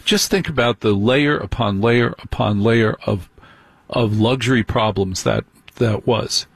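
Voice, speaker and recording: Husky man, sneering gossip commentary. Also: fairly low pitch, a little slow, no echo. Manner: mocking, scornful asides. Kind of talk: sarcastic celebrity gossip commentary.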